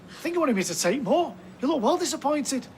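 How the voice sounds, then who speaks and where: An awkward Northern English lad. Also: male voice, very high-pitched, sing-song, a little fast, darkish tone, a little hiss or hum, full character voice. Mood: chatty. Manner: awkward, plain-spoken. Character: shy, good-natured working-class man. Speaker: friend. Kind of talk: TV soap acting.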